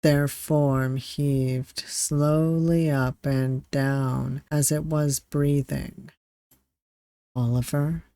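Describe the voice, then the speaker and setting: Game streamer narrating a visual novel, very slow and deliberate, dry recording. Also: medium pitch, little pitch movement, warm tone, no room sound. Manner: slow, deliberate reading with asides. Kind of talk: reading a visual novel aloud.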